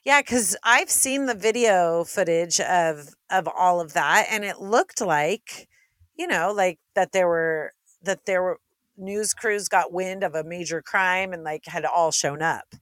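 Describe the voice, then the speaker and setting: Co-host, woman, slow easy delivery, wry reactions, dry room. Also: on the low side, fairly bright tone, no echo. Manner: reactive, quick to joke. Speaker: podcast co-host. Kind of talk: casual chat.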